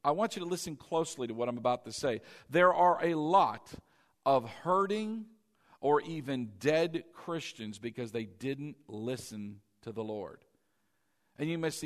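Man preaching an animated sermon. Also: normal speed. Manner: preaching with call-and-response, emphatic and conversational; shifts between loud emphasis and quiet low-voiced asides. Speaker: pastor.

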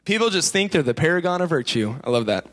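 A male pastor delivering an animated sermon in church. His voice sits high and rings bright and forceful. He slips in quick playful impressions of the people he describes. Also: slight background noise. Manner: animated preaching, acting out quoted voices.

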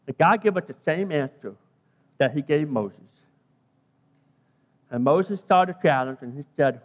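A man's voice: a little high, lively intonation, moderate pace, long reverb tail. A British man, a pastor, preaching a sermon, emphatic and stressing key phrases by repeating and stretching them.

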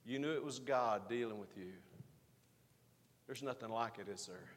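A man preaching a sermon as pastor, swinging from emphatic rising lines to quiet, hushed asides. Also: medium pitch, moderate pace, long reverb tail.

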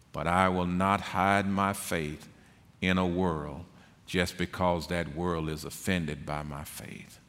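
A middle-aged man preaching a sermon as pastor, slow and emphatic, building to forceful peaks. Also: sits low, in a large hall. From Texas.

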